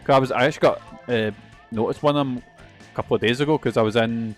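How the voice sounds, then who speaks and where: A man's voice: medium pitch, fast talker, faint music behind. A young man streaming a video game, rambling and swearing often in casual, self-mocking chatter. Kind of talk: casual let's-play commentary.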